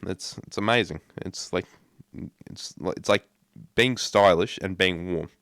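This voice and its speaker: Low-voiced, dry-sounding male podcast host. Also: fairly bright tone, dry recording. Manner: rambling, repeats words, quick opinions. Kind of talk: casual podcast chat.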